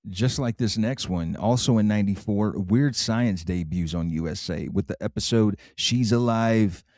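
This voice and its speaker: Male co-host, low voice, matter-of-fact recaps, dry close recording. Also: moderate pace, darkish tone, no room sound. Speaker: podcast co-host. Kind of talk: casual chat, reading show notes.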